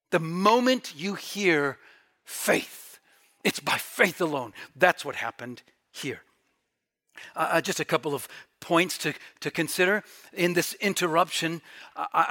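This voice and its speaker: A middle-aged man preaching a sermon, swinging from quiet, reflective passages to emphatic, near-shouted peaks. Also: on the high side. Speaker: pastor.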